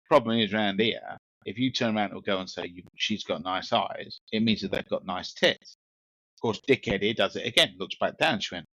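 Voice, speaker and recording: A man's voice: lowish voice, lively intonation, moderate pace, a bit bright, no room sound, rough recording. Cheeky London man telling a story. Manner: rambling anecdote with frequent restarts, laughing and cheeky. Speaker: podcast co-host. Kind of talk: casual storytelling chat.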